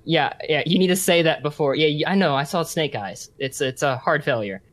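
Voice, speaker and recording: A man's voice: on the high side, a little fast, dry recording. Man running a tabletop game. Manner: relaxed, explaining rules. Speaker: game master.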